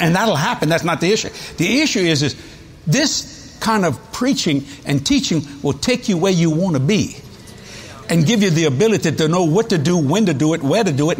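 A man's voice: fairly high pitch, slight background noise. A man, preaching a sermon in a folksy, storytelling way with chuckles. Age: 70s. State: has a cold.

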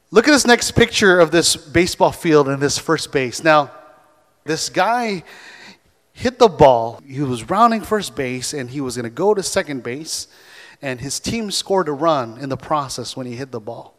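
A male pastor preaches in a church with a fairly high, animated voice and draws the congregation into call and response. A long reverb from the sanctuary trails every phrase. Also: normal speed. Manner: animated, calls for audience response. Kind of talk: sermon.

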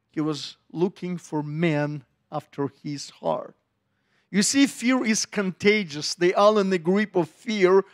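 A middle-aged male pastor, preaching a sermon and telling the story with lively acted-out voices. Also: high-pitched. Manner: animated storytelling, acting out voices of biblical figures.

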